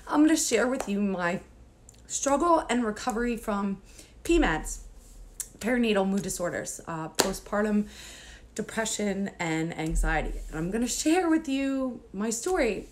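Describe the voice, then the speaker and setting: A mid-range female voice with lively intonation speaks unhurriedly over a little hiss or hum. Vlogging to camera as a mom coach, she starts out nervous, emotional and near tears with nervous laughter, then earnestly encourages other moms.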